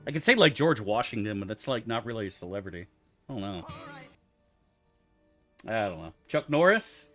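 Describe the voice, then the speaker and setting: A man's voice: lowish voice, sing-song, normal speed, long pauses, a bit bright, soft background music. A man streaming a game, answering his chat in loose, profane, rambling banter. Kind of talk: casual livestream chat, answering chat.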